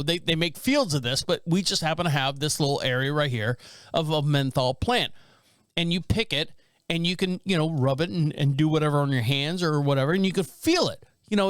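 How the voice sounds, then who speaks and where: A man's voice: fairly high pitch, fairly bright tone, no echo. A middle-aged man hosting a podcast from a small studio, telling rambling stories in casual chat and laughing often. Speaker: podcast host.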